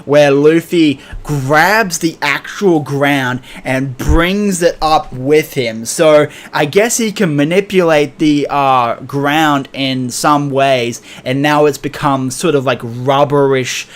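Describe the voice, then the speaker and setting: A young man recapping a comic chapter casually, excitable and profane, thick with fillers and laughter. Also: a little high, takes it slowly, hardly any pauses. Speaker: manga reviewer.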